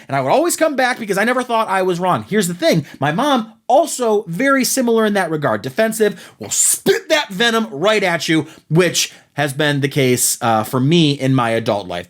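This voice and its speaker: A man's voice: sits high, sing-song, moderate pace, few pauses, fairly bright tone. A man hosting a podcast, telling a rambling, self-deprecating comic story about his own childhood. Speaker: podcast host. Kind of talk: comedic monologue.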